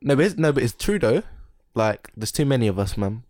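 A man co-hosting a podcast in casual chat, animated and quick to laugh as he retells comedy bits. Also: medium pitch, no echo, clean studio sound. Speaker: podcast co-host.

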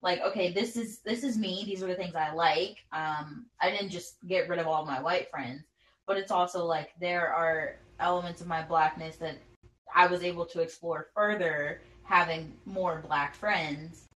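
A woman's voice: on the low side, steady tone, moderate pace, a bit bright, rough recording. Reflective woman guest in casual talk. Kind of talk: casual conversation.

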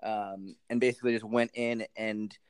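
A man speaking as a podcast guest on nutrition, animated and rambling with many restarts. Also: fairly low pitch, moderate pace, smooth, dry recording. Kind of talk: casual interview chat.

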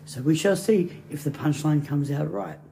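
A woman's voice: low-pitched, moderate pace, vocal fry, mellow, slight background noise. A woman rambling casually and telling jokes as a chatty storyteller.

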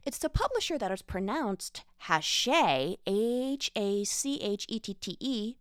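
A woman's voice: a little high, animated, a little slow, a little mellow, clear, resonant tone, no echo, studio quality. A woman hosting a solo book podcast, chatting casually with wry, self-mocking asides. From United States. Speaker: podcast host reviewing books.

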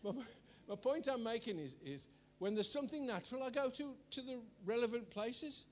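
A man's voice: very high-pitched, expressive, a little fast, slight background noise. An older man preaching a sermon in a chatty, rambling way, laughing at himself as he tells personal stories.

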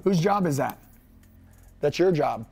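A man coaching salespeople in an energetic, punchy way, firing off rhetorical questions. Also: a little high, unhurried, gravelly. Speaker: sales trainer.

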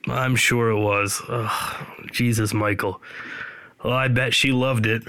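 A man from Canada, hosting a podcast in a rambling, deadpan, self-deprecating way. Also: medium pitch, slow pace, clean tone, dry recording. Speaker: podcast host. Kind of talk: casual solo podcast monologue.

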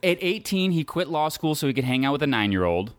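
A man's voice: a little high, sing-song, fast, no room sound. A man hosting a podcast, casually retelling a history story with lots of fillers and asides. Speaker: podcast host.

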